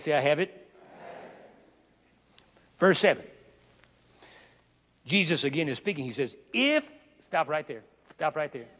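A man delivers a sermon in a slightly high voice, slowing down on key words for dramatic emphasis. He breaks it up with joking asides. His voice rings out with a long reverb in a large hall. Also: a bit bright. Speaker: preacher.

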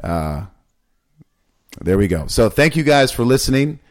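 A man's voice: medium pitch, very animated, measured pace. A man co-hosting a podcast in casual talk, pressing his questions over and over. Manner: insistent, pressing questions repeatedly. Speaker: podcast co-host.

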